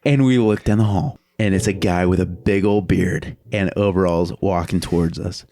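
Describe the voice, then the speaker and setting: A man telling a story in casual podcast chat, animated, laughing often and acting out what people said. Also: sits low, normal speed. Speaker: podcast guest.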